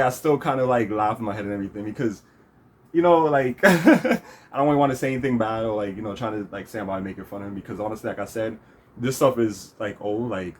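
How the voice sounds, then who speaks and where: A man's voice: fairly low pitch, slight background noise. A man hosting his own vlog, telling a story in a rambling casual way with lots of fillers and restarts. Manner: rambling, many fillers and restarts, laughs often. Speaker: vlog host.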